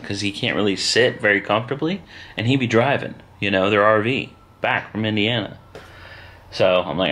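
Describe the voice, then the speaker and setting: A man, chatting casually at home as a family vlogger, relaxed and rambling. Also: on the low side. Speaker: vlogger and father. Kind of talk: casual chat.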